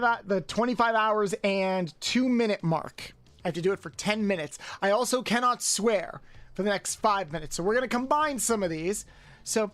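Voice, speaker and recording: A woman streamer with a medium-pitched voice chats casually with her viewers in a recording with no room sound. Between lines she does exercises, counting reps aloud and grumbling and joking between sets.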